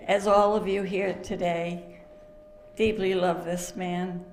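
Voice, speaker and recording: An older woman giving an emotional memorial speech, halting, with fillers and laughter through tears. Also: lowish voice, level tone, echoey room, slight background noise. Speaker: family friend giving a eulogy.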